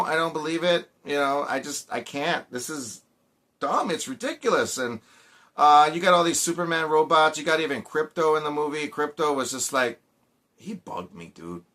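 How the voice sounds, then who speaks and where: A man's voice: on the high side, sharp tone. A man giving a casual movie review, rambling with many fillers and restarts and often sounding exasperated.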